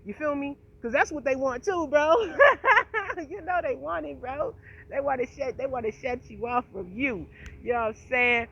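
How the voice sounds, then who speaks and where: Passionate, profane woman with a bright voice. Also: high-pitched, normal speed, vocal fry. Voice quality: slight speech impediment. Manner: passionate, profane, emphatic, repeats "you feel me". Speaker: channel host. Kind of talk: casual direct-to-camera rant. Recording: slightly dull lo-fi audio with faint noise.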